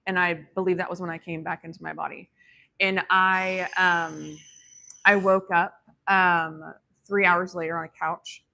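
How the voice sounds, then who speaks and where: Rambling woman with a gravelly, bright voice. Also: fairly low pitch, level tone, unhurried. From grew up on a ranch. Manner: rambling, many fillers and restarts; reflective, spiritual. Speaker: guest telling a personal story. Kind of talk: casual spoken storytelling.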